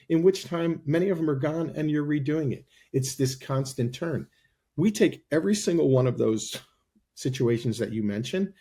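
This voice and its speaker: A man as a guest on a podcast interview, explaining his company's service in a persuasive sales-pitch way. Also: mellow.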